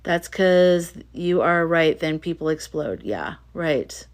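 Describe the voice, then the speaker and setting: Woman, livestream host, casual chat, fairly low voice, emphatic, repeats phrases. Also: animated, slow. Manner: chatty, emphatic, repeats herself. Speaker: livestream host reading viewer comments.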